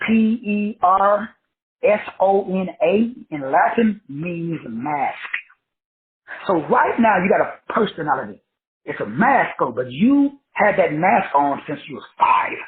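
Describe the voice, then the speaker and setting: A high-voiced, middle-aged man coaching in a loose, streetwise way, swinging his pitch up and down as he acts out other people. The sound is thin and tinny, like a phone line. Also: measured pace. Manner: animated, slangy and profane, acting out other people's voices. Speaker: life coach. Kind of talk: casual motivational talk.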